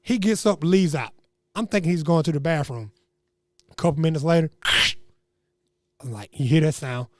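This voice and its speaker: A young man telling a comedic story in an animated, slangy way, acting out what people said. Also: fairly high pitch, brisk, no echo. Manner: animated, slangy, acts out quotes.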